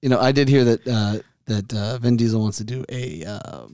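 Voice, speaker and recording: A man's voice: mid-range voice, moderate pace, darkish tone, no echo, studio quality. A man with a Florida accent co-hosting a casual podcast, trading teasing quips. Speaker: podcast co-host. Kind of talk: casual chat.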